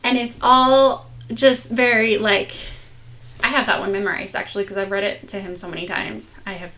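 Bright chatty young woman, giggly. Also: medium pitch, flat delivery, moderate pace. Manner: chatty, giggly, lots of fillers. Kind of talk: casual chat.

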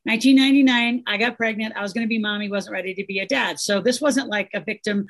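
A middle-aged woman with a slightly husky, breathy voice at an everyday pitch. She talks in an emphatic, animated way as an interview guest, padding her points with casual fillers. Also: fast. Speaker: guest, financial educator.

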